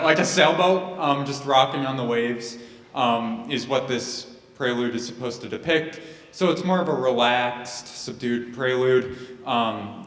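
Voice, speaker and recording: A man's voice: mid-range voice, a bit bright. A young man, a pianist at his recital, introducing his next piece with many ums and a shy, self-deprecating manner. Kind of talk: casual spoken introduction. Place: church sanctuary. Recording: roomy church echo with long reverb.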